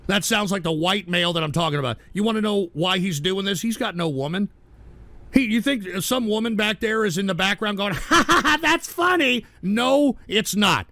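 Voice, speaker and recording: A man hosting a call-in radio show, ranting aggressively with a lot of swearing and frequent shouting. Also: high-pitched, fairly quick, dry recording. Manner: aggressive, profane, shouting rant. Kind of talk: live call-in radio rant.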